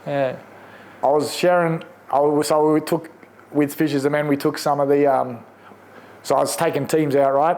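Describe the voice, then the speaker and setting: A guest in his forties with an Australian accent shares his faith testimony in a casual, animated, slangy way, laughing often. His voice is on the high side.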